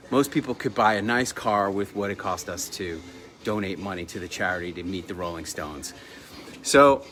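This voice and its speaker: A man telling a personal story in a chatty, lively way, laughing now and then. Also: sits low. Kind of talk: casual storytelling.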